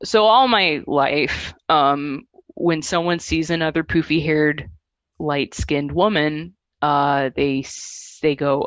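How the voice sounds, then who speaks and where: A woman's voice: sits low, slow, dry recording, dull audio. A woman in her thirties, a musician guest, chatting casually and telling stories with acted-out quotes. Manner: animated storytelling with acted-out quotes. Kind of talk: casual interview chat.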